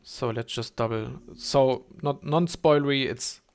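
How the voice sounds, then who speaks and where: Rambling young man streaming a game. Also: medium pitch. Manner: rambling, halting, many fillers and restarts, swears. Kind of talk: casual gameplay commentary.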